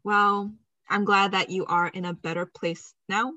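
Bright-voiced playful young woman host. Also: medium pitch, fairly even intonation, measured pace, dry recording, dull audio. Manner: playful, laughs often. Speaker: podcast host. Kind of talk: casual chat.

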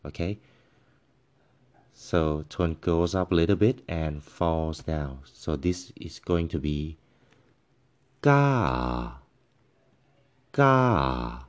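Brief: man, very low voice, very slow and halting delivery, patient teacher who sings out syllables to show tones. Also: steady tone, dark tone. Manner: patient, halting, with many fillers and pauses; demonstrates tones by voicing syllables and musical notes. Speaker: language teacher. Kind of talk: tone pronunciation lesson.

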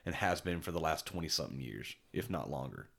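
Male podcast co-host, very low voice, rambling enthusiastic chat. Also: sing-song, brisk, vocal fry, a bit bright. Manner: rambling, enthusiastic, many restarts and fillers. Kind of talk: casual chat.

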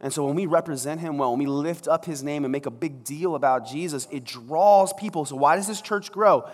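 Jokey pastor preaching in a reverberant hall. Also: male voice, a little high, a little fast, few pauses. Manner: jokey and conversational, acting out scenes. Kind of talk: sermon. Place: large church hall. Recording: long reverb of a large hall.

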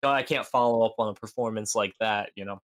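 A man's voice: lowish voice, fast. A young man co-hosting a podcast, rambling through a comic story with lots of fillers. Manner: rambling, filler-heavy, puts on voices in anecdotes. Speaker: podcast co-host. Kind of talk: casual comedic storytelling.

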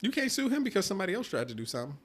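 Quick, blunt man in podcast banter. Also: sits high, huge pitch swings. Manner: blunt, profane, argumentative banter. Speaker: podcast co-host. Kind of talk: casual chat.

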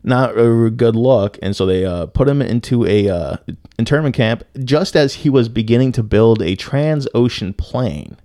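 A young man co-hosting a podcast, telling a story casually with lots of swearing and filler words and bursts of loud disbelief. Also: mid-range voice, lively intonation, moderate pace, no room sound, studio quality. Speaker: podcast co-host.

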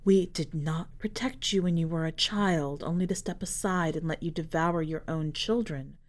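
A woman's voice: low-pitched, moderate pace, natural voice. A woman voicing a stern, ghostly elder sister who speaks with grave command, in a storybook reading. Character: stern ghostly older sister, protective guardian.

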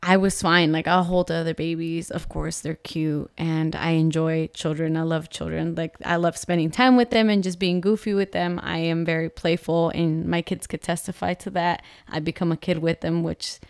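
Vlogging mom in her thirties, candid and heartfelt; smooth, dry voice. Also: low-pitched, flat delivery, normal speed, hardly any pauses, dry recording. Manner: earnest and open, with frequent fillers. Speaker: vlog co-host, mother. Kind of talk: candid personal vlog talk.

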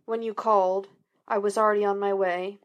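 A woman's voice: medium pitch, level tone, a little fast, dull audio, close to an everyday voice. A woman reading the lines of a stern male police detective who speaks curtly. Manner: curt, barking.

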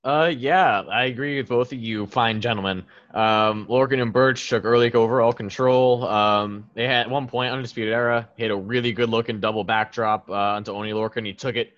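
A man's voice: medium pitch, fairly even intonation, moderate pace, few pauses, fairly bright tone, no room sound. Guy co-host rambling about wrestling, lotta ums, muffled lo-fi dry mic. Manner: rambling and chuckling, with lots of ums. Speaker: podcast co-host. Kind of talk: casual wrestling recap chat. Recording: dull lo-fi mic.

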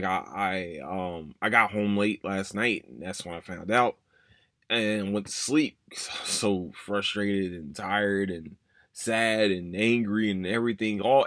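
A man's voice: fairly low pitch, fairly bright tone, dry recording, clean studio sound. A man, hosting a podcast and telling a personal story in an emotional, rambling way that repeats itself. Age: 30s. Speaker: podcast host. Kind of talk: casual personal monologue.

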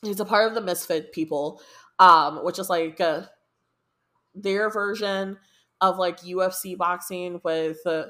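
A young woman from the United States hosting a podcast, chatting casually in a rambling, excitable way with lots of fillers and swearing. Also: lowish voice, measured pace. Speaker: podcast host. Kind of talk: casual chat.

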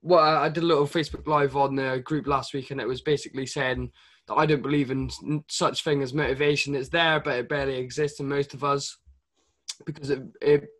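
A man's voice: medium pitch, a bit bright. A man co-hosting a casual fitness podcast, earnest and agreeable, giving tough-love advice.

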